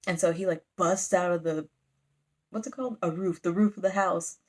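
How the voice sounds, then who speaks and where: A woman's voice: lowish voice, steady tone, moderate pace, a little mellow. A woman recapping a manga in a casual, rambling chat, giggling and using lots of fillers. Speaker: manga reviewer.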